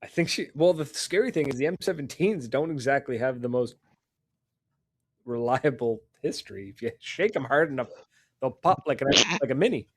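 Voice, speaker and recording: A man of medium pitch speaks at normal speed while hosting a storytelling podcast. Relaxed and animated, he laughs frequently and performs the voices of the people in his stories.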